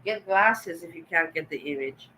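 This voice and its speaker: A middle-aged woman with a German accent talks on a casual livestream, answering her chat directly. Her voice is bright and forward, and her manner is sarcastic and teasing, with blunt jabs at the viewers she addresses. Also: deep voice, lively intonation, moderate pace, a little hiss or hum, poor audio. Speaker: livestream host reading chat.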